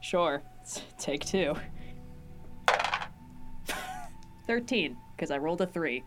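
A woman playing in a tabletop game, chatting with quick jokes. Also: sits low, lively intonation, loud music behind the voice. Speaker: player.

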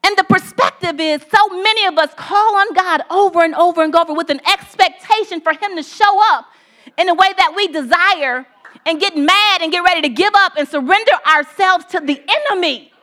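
A woman preaching a sermon with a high voice. She tells the story conversationally, then drives her message home by stacking phrase after phrase. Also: a little fast, sharp tone.

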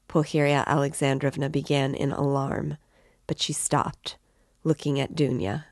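A woman reading a novel aloud as narrator, in a measured, steady way. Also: a bass voice, dry recording, clean studio sound. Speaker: reader.

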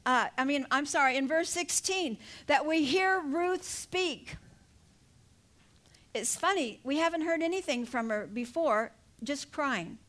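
Taking her time, an older woman preacher with a high, light voice delivers a sermon, telling the story vividly and laughing at moments. She presses her listeners emphatically on each point.

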